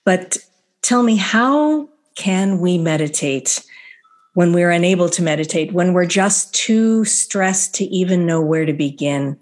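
Woman podcast host, lowish voice, asks questions attentively. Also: lively intonation, unhurried, darkish tone. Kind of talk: podcast interview.

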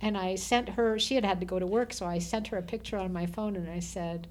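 A middle-aged woman from Southern Nevada, a guest telling animated stories in casual conversation with frequent laughter. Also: mid-range voice, a little fast. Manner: animated storyteller who laughs often. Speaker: interview guest. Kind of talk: casual storytelling.

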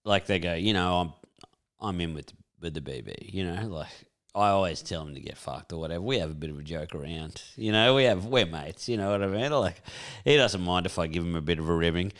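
A man's voice: low voice, expressive, fairly quick, a bit bright. A man with an Australian accent, co-hosting a podcast and trading sweary, matey banter and stories. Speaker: podcast co-host. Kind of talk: casual storytelling chat.

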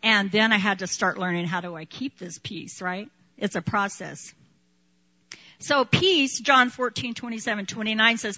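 Lively, bright-voiced woman preaching. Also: mid-range voice, moderate pace, dull audio. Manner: animated, laughing often, acts out quotes. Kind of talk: sermon with personal testimony.

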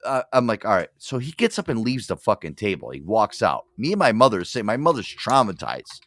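A male radio host on a casual rant, swearing freely and stumbling over his own words. His pitch swings widely as he talks, and the sound is close and dry. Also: very animated, brisk, no room sound. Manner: profane, rambling storyteller with many restarts.

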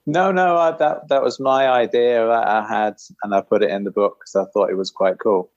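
A man's voice: on the low side, normal speed, no echo, dull audio. A man, an author, answering interview questions in a modest, chuckling manner with brief replies. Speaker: author guest. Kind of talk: casual podcast interview.

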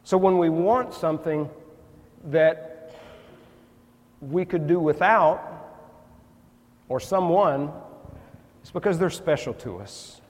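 A man's voice: a little high, takes it slowly, pauses often. A man preaching a sermon in a church, earnest and folksy, acting out little conversations with churchgoers. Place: church sanctuary. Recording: long reverb in a church hall.

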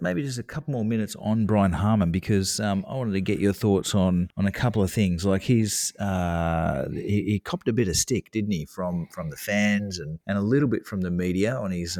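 A man co-hosting a golf podcast over a call, relaxed and rambling and calling his co-host mate. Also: low voice, dry recording, clean studio sound. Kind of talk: casual chat on a video call. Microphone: hardwired call with video off.

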